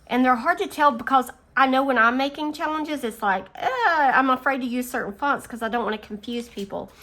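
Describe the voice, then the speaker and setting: A woman hosting a casual budgeting video, chatting and counting her savings out loud, easily amused. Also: high voice, fairly quick. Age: adult. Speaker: budgeting channel host. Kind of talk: casual chat while scratching savings challenges. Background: faint engine noise from a utility vehicle outside.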